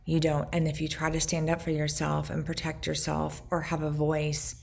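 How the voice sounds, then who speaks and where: A woman in her forties with a low voice speaks in a personal video journal. Her tone has a gravelly edge. She sounds earnest and reflective, pausing between short, halting phrases. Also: monotone. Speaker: vlogger recounting her past.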